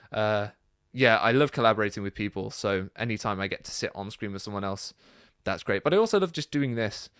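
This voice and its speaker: A man hosting a casual Q&A, reading out viewer comments and chatting about them in a relaxed, rambling way. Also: lowish voice, clean tone, dry recording, clean studio sound. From Britain. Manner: chatty and relaxed, many fillers and asides. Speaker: YouTube channel host.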